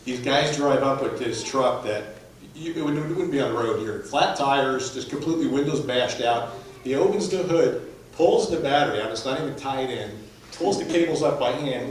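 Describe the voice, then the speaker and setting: A man's voice: medium pitch, normal speed, slight background noise. Guy telling mission trip stories, lots of laughing, echoey church hall, mic far off. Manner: animated anecdotes with laughter. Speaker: mission team member. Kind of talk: storytelling at a church presentation. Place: church hall, recorded from afar.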